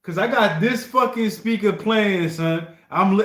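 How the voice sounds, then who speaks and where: Male livestream host, high voice, slangy stammering chat, echoey room. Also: normal speed, few pauses. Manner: slangy, stammering, often asks "you know what I mean". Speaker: livestream host playing song requests. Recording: roomy echo.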